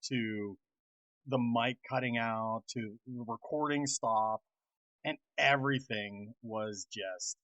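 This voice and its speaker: A male podcast co-host tells stories in a hesitant, rambling manner, full of fillers and restarts. His voice sits at a middle pitch. The recording is dry and somewhat dull. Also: fairly bright tone, no echo. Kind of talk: casual chat.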